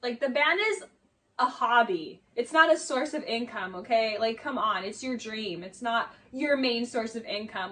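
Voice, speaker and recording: A woman's voice: fairly high pitch, normal speed, distant mic, noisy background. A woman giving casual, chatty commentary for a video essay, full of "like"s and mocking asides.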